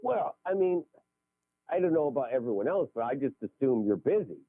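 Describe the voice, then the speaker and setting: A man in his forties calling a radio show, chatty and lively, heard over a phone line. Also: medium pitch, fairly quick, creaky, husky. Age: 40s. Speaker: caller. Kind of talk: call-in radio chat.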